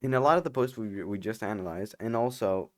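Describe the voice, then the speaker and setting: A man's voice: lowish voice, fairly quick, no room sound, clean studio sound. A man hosting a casual reaction commentary, rambling and sarcastic, with lots of "like" and "you know". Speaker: commentary host.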